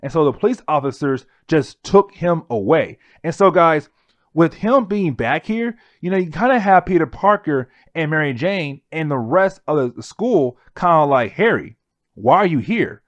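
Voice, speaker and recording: A man's voice: fairly high pitch, expressive, moderate pace, no room sound. A man casually retelling a comic book story to his viewers, calling them guys and loosely paraphrasing the characters' lines. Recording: dry, dull lo-fi sound.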